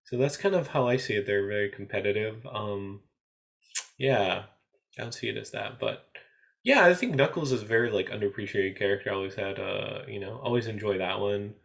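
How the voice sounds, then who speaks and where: Guy hosting a podcast, lowish voice, lots of uh and you know. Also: a little fast, vocal fry, a bit bright. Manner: hesitant, many "uh" and "you know" fillers. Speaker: podcast host. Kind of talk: casual chat.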